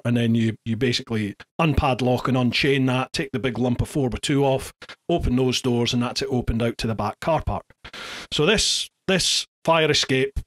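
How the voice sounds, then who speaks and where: A middle-aged man, a podcast host telling a story in casual chat, lively and acting out the shouts he quotes. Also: medium pitch. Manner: animated, acts out shouted quotes, many restarts.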